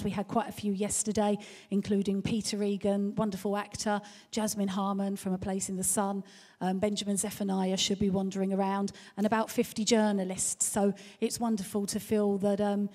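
A woman's voice: mid-range voice, darkish tone. A woman with an Essex accent introducing the next speaker at a live event, chatty and effusive with many fillers. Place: large conference hall. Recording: long hall reverb.

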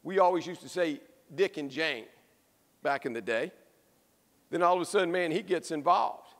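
A man preaching a sermon as a pastor, telling a story with lively emphasis and repeated phrases. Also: fairly high pitch, normal speed. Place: church. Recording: echoey church hall.

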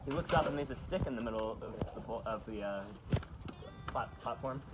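A man's voice: medium pitch, normal speed. Young man improvising a rambling story at a party, filmed on a phone, heavy background noise. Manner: rambling, self-interrupting, chuckling asides. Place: house party indoors. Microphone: phone camera.

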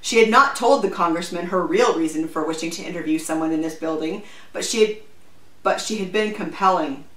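A woman reading a novel aloud in a measured, even storytelling manner. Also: on the low side. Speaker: book reviewer. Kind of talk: scripted narration. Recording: roomy echo, distant mic.

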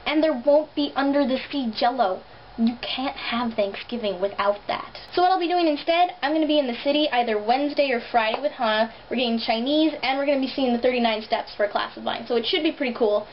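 A young woman with a slight lisp, vlogging in an animated, sarcastic, chatty way, recorded on a built-in camera mic. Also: high-pitched, fast talker. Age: young adult. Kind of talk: casual vlog chat. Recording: dull lo-fi camera audio, faint hiss.

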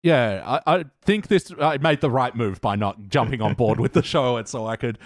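A man's voice: mid-range voice, normal speed, dry recording, studio quality. A man co-hosting a podcast in casual chat, laid-back and often swearing and laughing. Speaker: podcast co-host.

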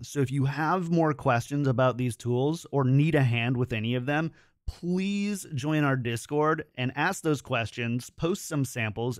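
Tutorial presenter, male, mid-pitched, clear instructive delivery, close studio mic in a dry room. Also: no room sound. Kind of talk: scripted product tutorial. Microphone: studio microphone, close.

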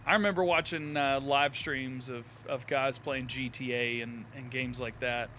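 A man with a drawl hosting a live game stream, chatting casually with viewers, laughing often and thanking them warmly. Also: mid-range voice, steady tone, normal speed, a little hiss or hum. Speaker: live-streaming gamer host. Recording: light game music behind.

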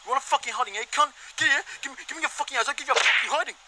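A man's voice: very high-pitched, racing, heavy background noise. A man with a New Zealand accent voicing a foul-mouthed teenage schoolboy bully in an amateur cartoon, threatening and swearing constantly. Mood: aggressive.

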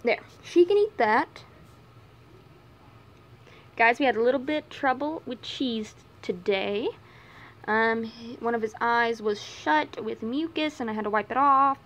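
Chatty young woman with a bright, high voice. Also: moderate pace. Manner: chatty, coos and scolds pet bunnies in a high sing-song voice. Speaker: vlogger. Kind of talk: casual vlog talking to pets and viewers. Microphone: handheld camera set on her knees.

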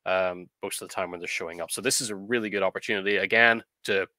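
A man with a fairly low voice and a bright, forward tone talks through editing advice in a measured, explanatory way, often pausing on ums and uhs. The sound is dry and close, with little room around it. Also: fairly even intonation, dry recording. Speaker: co-host of a writing advice show. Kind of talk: casual discussion on editing fiction.

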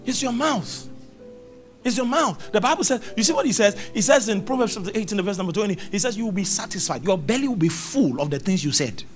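Middle-aged male pastor, high and very lively pitch, emphatic repetitive sermon delivery with scripture quotes. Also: fast, soft background music. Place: church service.

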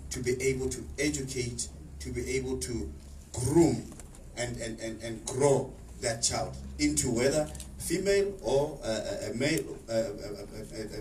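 A man's voice: medium pitch, a little mellow. A middle-aged man speaking on a panel, earnest and repeating words as he searches for them. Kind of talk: panel discussion speech. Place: exhibition hall. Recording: echoey hall, distant mic, faint noise.

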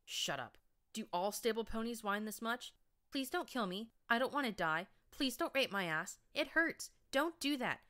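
A woman's voice: fairly high pitch, expressive, normal speed, a bit bright, pitched above the performer's own voice. A woman voicing a cruel male raider pony who mocks his captive in a harsh, whining mimicry. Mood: mocking.

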